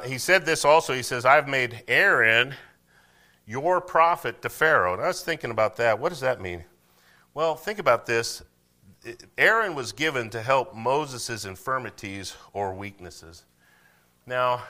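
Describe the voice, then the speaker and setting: A man preaching a sermon, shifting between quiet asides and loud, emphatic declarations. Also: medium pitch. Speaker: pastor.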